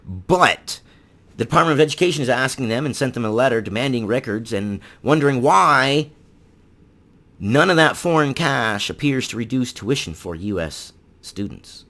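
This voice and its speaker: A man's voice: mid-range voice, animated, normal speed, fairly bright tone. A man giving indignant, sarcastic opinion commentary on the news, full of rhetorical questions. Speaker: political commentary channel host.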